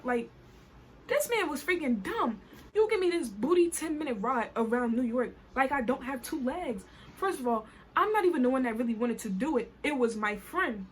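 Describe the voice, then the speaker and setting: Animated young woman with a Caribbean accent. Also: high-pitched, moderate pace, a little hiss or hum. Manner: animated and indignant, colloquial. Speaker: vlogger. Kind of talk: storytime vlog. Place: New York.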